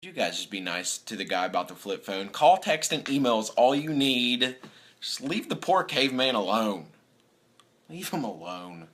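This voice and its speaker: Young guy ranting bout football, bright voice, swears a lot, does little impressions of players. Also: a little high. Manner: animated, swearing, mimics players in quoted voices. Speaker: sports fan vlogger. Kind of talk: profane sports rant.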